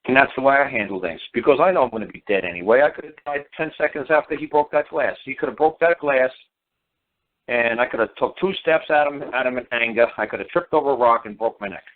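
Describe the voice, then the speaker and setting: A man's voice: medium pitch, fast talker. Blunt rambling man on a phone line. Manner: rambling, repetitive, blunt and profane. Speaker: talk show guest. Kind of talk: casual storytelling on talk radio. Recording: tinny phone line on talk radio.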